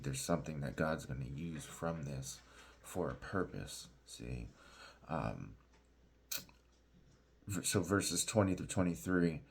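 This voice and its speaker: Male pastor, very low husky voice, slow, halting Bible teaching with frequent "right?" asides. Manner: halting, many fillers and restarts, asks "right?" and "y'all".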